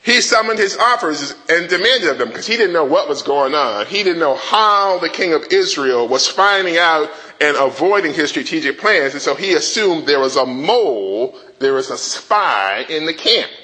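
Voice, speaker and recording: A man preaching a sermon in an animated way, drawing call-and-response from the congregation. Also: a little high, moderate pace, hardly any pauses, poor audio. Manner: dramatizes the king's rant in a rising voice.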